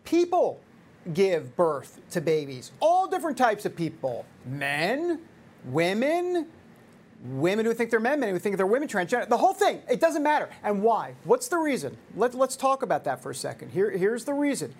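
A woman's voice: mid-range voice, very animated, normal speed, darkish tone. A woman in her fifties hosting a talk show, giving opinionated commentary with sarcastic, jokey asides. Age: 50s.

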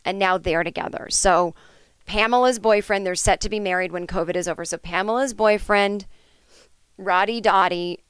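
A woman's voice: mid-range voice, moderate pace, smooth, no room sound. A woman hosting a podcast, telling an improvised comic story in a rambling, chatty way with lots of fillers and asides. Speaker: podcast host.

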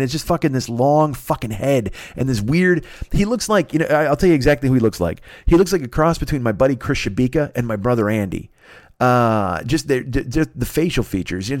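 A man's voice: medium pitch, no echo, clean studio sound. A man hosting his podcast from his apartment, rambling through a profane comedic monologue full of mocking voices. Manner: rambling, swears constantly, jumps into mocking character voices. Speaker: podcast host.

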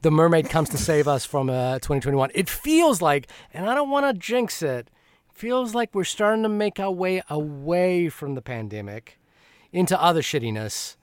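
A man co-hosting a film podcast chats casually, mixing wry jokes with thoughtful remarks. His voice sits somewhat high. The sound is dry and close. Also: expressive, normal speed, clear, resonant tone, no echo. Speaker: podcast co-host.

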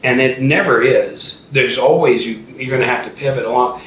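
A man's voice: mid-range voice, moderate pace, fairly bright tone. A man in his fifties, an entrepreneur guest telling stories in a casual interview, with many restarts and fillers. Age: 50s. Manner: storytelling, frequent restarts and fillers. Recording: roomy and distant with faint noise.

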